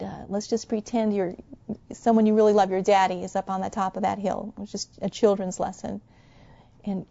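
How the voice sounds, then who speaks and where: Mellow woman preaching, soft to fervent. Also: medium pitch, dull audio. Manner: soft and musing, swelling to fervent exhortation. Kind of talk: sermon.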